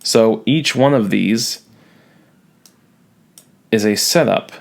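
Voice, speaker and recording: A man's voice: lowish voice, slow, vocal fry. A man teaching a recorded online lesson, talking students through a poem with wry, self-mocking asides.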